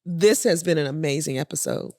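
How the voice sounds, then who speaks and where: A woman's voice: low voice, brisk, darkish tone. A woman hosting a podcast, often agreeing with her guest and backing him up with short replies. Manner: affirming, chiming in often with agreement. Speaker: podcast host. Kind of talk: conversational podcast interview.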